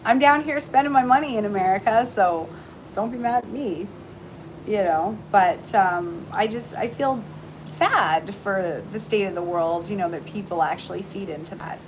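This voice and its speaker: Middle-aged Canadian woman, rambling heartfelt livestream host, mid-pitched voice. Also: moderate pace, slight background noise, low-quality recording. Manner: chatty and heartfelt, many ums and restarts. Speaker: intuitive reader and shop owner. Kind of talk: casual livestream chat. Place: aboard a cruise ship. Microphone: phone livestream.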